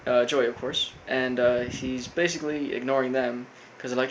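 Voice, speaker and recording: A man casually recapping a cartoon episode, rambling with lots of fillers and flat quoted lines. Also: mid-range voice, brisk, hardly any pauses, slight background noise, rough recording. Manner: rambling, full of fillers, quotes characters flatly. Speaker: recap host.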